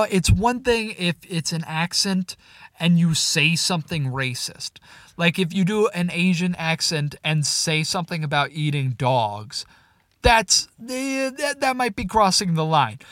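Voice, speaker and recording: A man's voice: high voice, fairly bright tone, no echo. A young man co-hosting a casual podcast from his car, rambling and laughing often, with a lot of swearing. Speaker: podcast co-host. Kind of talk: casual chat.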